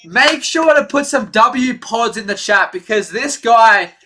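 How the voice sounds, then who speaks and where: Male fan streamer calling the game live, openly biased, erupts at bad calls, bright edgy voice. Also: very high voice, a little slow, slight background noise. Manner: partisan, excitable, rants at referees.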